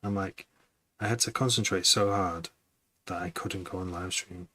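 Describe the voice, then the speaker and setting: A man producing music on a live stream, chatting casually in a low-key, somewhat monotone way as he thinks out loud. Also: normal speed, slight background noise. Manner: rambling, self-correcting, thinking out loud.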